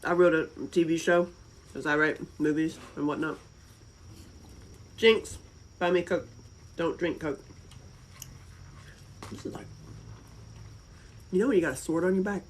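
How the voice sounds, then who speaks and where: A woman's voice: sits low, a little slow, long pauses, low-quality recording. A woman from North Carolina with a Southern accent, chatting casually and rambling on a livestream. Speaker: livestream host.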